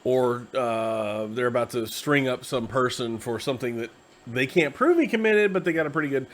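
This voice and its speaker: A tired man hosting a casual, rambling explanation of a tabletop game class, slipping into quick acted asides. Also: mid-range voice. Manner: conversational, acts out quick quoted asides. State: tired, yawning.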